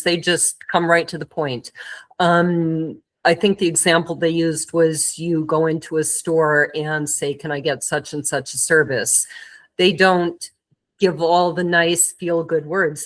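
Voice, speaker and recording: Female podcast host from Germany, reflective, slightly low voice. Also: poor audio. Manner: thoughtful, asks questions at length. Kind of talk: conversational podcast interview.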